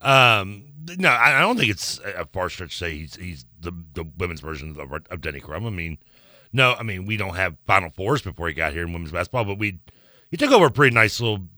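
A man's voice: low voice, sing-song, brisk, pushed and bright, no echo, studio quality. A man co-hosting a sports radio show, joking and self-mocking in casual banter. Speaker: radio co-host. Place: radio studio.

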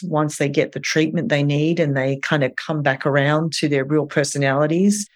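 A woman speaking as a therapist guest on a podcast, gentle and reassuring, thinking aloud with soft fillers. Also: low voice. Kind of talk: podcast interview.

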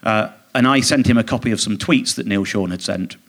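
A man, a comedian guest, telling a rambling, indignant anecdote with quick mimicked quotes in casual talk on a theatre stage. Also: on the low side, a bit bright. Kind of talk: casual anecdote in a live podcast interview.

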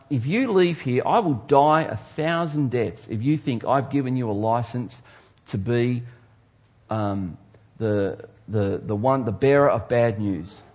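Husky guy preaching a sermon, gets quiet then loud, really emphatic. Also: mid-range voice. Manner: emphatic preaching, swings between soft and loud. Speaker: pastor.

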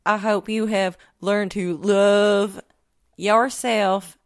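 Deadpan woman hosting a call-in bit. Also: medium pitch, drawn-out words, no room sound, clean studio sound. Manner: deadpan, insulting, mock-scolding. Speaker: call-in segment host. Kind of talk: comedy sketch.

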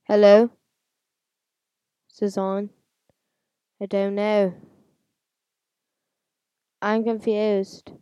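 A woman's voice: medium pitch, level tone, extremely slow, long pauses, warm tone, clear, resonant tone, no room sound. A woman hosting her own casual podcast. She chats loosely and rambles, with lots of fillers and restarts. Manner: rambling, chatty, many fillers. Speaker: podcast host. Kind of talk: casual solo podcast chat. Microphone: handheld audio recorder.

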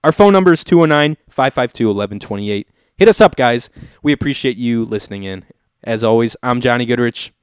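A man in his twenties hosts a podcast with a clear, resonant voice. He tells his story in a relaxed, rambling way, full of filler words and casual swearing. The sound is close and dry. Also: mid-range voice, fairly quick, dry recording. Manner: laid-back, swears freely, heavy filler words. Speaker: podcast host.

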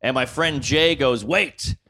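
A man's voice: medium pitch, slow, gravelly. A man hosting a podcast, telling a comic story with lots of energy and acting out screams along the way. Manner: loud excitable storyteller who acts out screams. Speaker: podcast host. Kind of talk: animated comedic storytelling. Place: on-the-road recording with guests.

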